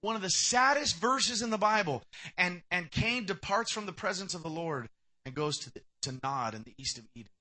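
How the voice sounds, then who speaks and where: A man preaching a sermon, animated and conversational, acting out short bits of dialogue and swinging between loud bursts and quiet asides. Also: sits high, moderate pace.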